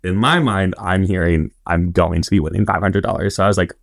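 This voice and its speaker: Low gravelly young man telling stories. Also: fairly even intonation, a little fast, no room sound, studio quality. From Indiana. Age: 20s. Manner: chatty, rambling with many fillers and quoted asides. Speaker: podcast guest. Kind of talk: casual interview storytelling.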